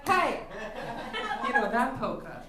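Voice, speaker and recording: A woman's voice: a little high, very animated, takes it slowly, heavy background noise. Forty-year-old woman doing stand-up. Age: 40s. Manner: ranting, wry, laughs often. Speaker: stand-up comedian. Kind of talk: stand-up comedy set. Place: theatre stage with live audience. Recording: roomy live theatre, loud crowd laughter.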